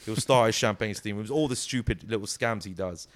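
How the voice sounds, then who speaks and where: Animated man telling stories. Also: on the low side, fairly quick, slight background noise. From United Kingdom. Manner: animated storyteller, breaks into impressions, many restarts. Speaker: interview guest, comedic actor. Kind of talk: casual conversational interview.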